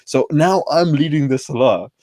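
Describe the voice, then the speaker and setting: A man's voice: on the high side, animated, moderate pace, a little mellow, no room sound, clean studio sound. A man, a guest telling stories in a casual, slangy way full of fillers. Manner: chatty, informal, peppered with slang and fillers. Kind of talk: casual storytelling conversation.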